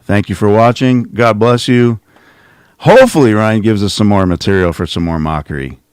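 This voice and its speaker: A man's voice: lowish voice, fairly even intonation, normal speed, a little mellow, smooth, no echo, studio quality. A middle-aged man hosting a casual livestream, rambling and sarcastic as he mocks someone from his home office. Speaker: channel host.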